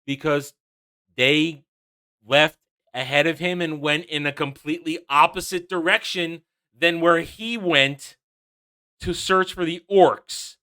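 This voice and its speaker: A man's voice: a little high, steady tone, slow pace, sharp tone, clear, resonant tone. A man giving a casual, sarcastic episode review, mocking and ranting with frequent laughs. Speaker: TV show reviewer.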